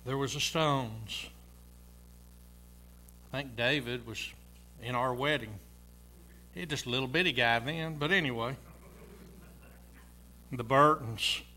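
An older man in his sixties preaches from the pulpit with a bright, forceful tone. He speaks in a folksy, personal way, chuckling now and then between memories. A faint hum sits under the church recording. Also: medium pitch, slow pace, long pauses. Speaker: pastor. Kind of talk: sermon. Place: church sanctuary.

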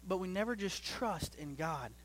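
High-voiced young man preaching a sermon. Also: animated, normal speed. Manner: preaches in rising bursts, then drops low and quiet; repeats phrases and restarts often. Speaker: pastor.

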